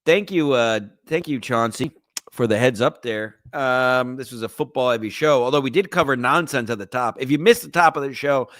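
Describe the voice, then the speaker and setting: A man's voice: medium pitch, moderate pace, fairly bright tone, no echo. Crude rambling male podcast host. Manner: crude, rambling, joking banter with chat. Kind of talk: livestream chat reading.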